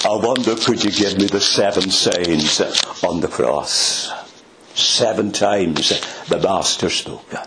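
An older man preaching a sermon, slow and emphatic, dropping to hushed tones for effect. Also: on the low side, slight background noise.

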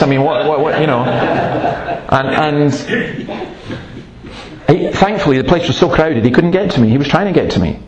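A man's voice: fairly high pitch, expressive, moderate pace, over a noisy crowd. A man preaching a sermon in an earnest, emphatic way, breaking off to tell stories. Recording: roomy, echoey room sound.

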